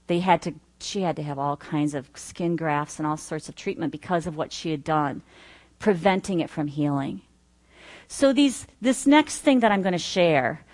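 A middle-aged woman teaching earnestly, listing points with personal asides. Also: mid-range voice. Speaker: Bible study teacher. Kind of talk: teaching talk.

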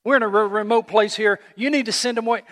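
Flustered, pushy male disciple, put on by a pastor, voice pushed up high and fast, with long hall reverb. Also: steady tone, a bit bright. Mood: urgent, pushy. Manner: urgent, pushy, talking over himself. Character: flustered male disciples hurrying their teacher.

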